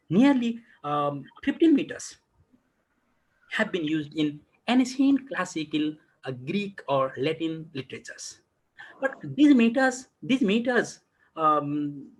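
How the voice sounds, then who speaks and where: Husky lecturer, lively pitch. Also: male voice. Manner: asks rhetorical questions and answers them himself; repetitive, halting phrasing with many fillers. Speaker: college lecturer. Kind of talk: online class lecture.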